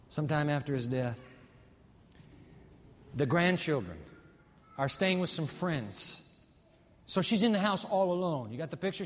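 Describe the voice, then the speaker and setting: A male pastor preaching a sermon, telling a story dramatically and slowing down on key words for emphasis. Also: fairly high pitch, animated, in a large hall.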